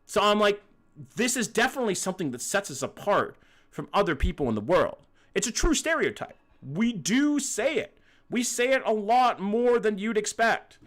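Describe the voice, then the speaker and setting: A man's voice: sits high, very animated, normal speed, a bit bright. A young Canadian man with a Canadian accent, streaming and chatting casually, blunt and swearing freely while answering his chat.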